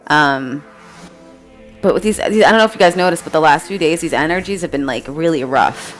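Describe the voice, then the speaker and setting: A woman's voice: low-pitched, fairly quick, soft background music. A woman telling a spiritual story to her viewers in a rambling, casual way, with many fillers and laughs. She says she is exhausted. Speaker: spiritual vlogger.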